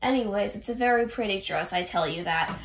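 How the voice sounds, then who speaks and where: A woman's voice: mid-range voice, brisk. A woman casually recapping a story in a rambling, chatty way, full of asides. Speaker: fan recapping a game story. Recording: roomy echo.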